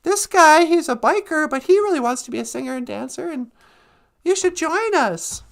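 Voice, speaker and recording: A man voicing an excitable, enthusiastic young Native man in a spoken joke. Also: extremely high pitch, moderate pace, creaky, heavily acted. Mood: excited.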